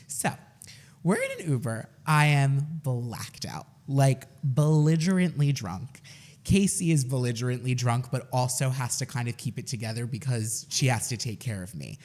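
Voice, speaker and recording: A man's voice: medium pitch, expressive, normal speed, darkish tone. A man in his twenties, a podcast co-host telling a story in casual chat, self-mocking and laughing as he goes.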